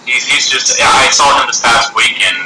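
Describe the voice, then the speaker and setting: A man's voice: medium pitch, normal speed. A man being interviewed as an actor, chatting casually and acting out voices as he tells stories, laughing often. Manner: animated storyteller, acts out voices, laughs often. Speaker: actor guest. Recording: echoey room, loud background noise.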